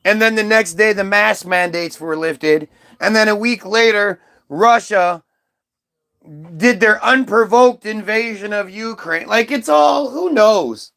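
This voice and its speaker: Male streamer with a high voice, ranting loosely, casual profanity. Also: a little slow, creaky, bright, forceful tone. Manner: rambling, profane, reads aloud from screen. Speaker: livestream host. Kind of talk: rambling livestream monologue.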